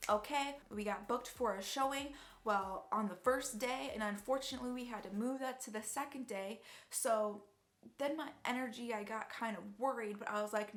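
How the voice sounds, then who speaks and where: A woman's voice: fairly high pitch, moderate pace, fairly bright tone. A young woman telling a personal story in a chatty, rambling way, sincere and emotional at times. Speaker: vlogger.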